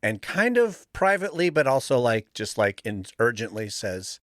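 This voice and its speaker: A man's voice: mid-range voice, very animated, moderate pace, no room sound, studio quality. A man talking as a guest on a podcast, chiming in with an easygoing manner to help tell a shared story. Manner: easygoing, chimes in to fill in the story. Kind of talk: casual chat.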